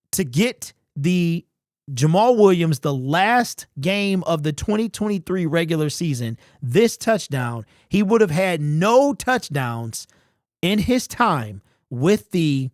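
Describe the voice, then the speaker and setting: A man's voice: fairly high pitch, dry recording, clean studio sound. A man giving an opinionated, conversational sports commentary as a channel host, emphatic and repeating his points.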